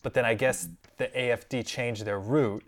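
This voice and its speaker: A man's voice: medium pitch, fairly even intonation, normal speed. A young man co-hosting a podcast, telling a story in casual chat and acting out other people's lines as he goes. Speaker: podcast co-host.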